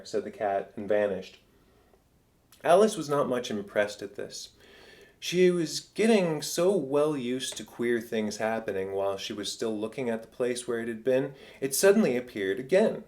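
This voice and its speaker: Guy reading an old storybook aloud, steady measured narration. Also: lowish voice. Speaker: audiobook narrator. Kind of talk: scripted narration.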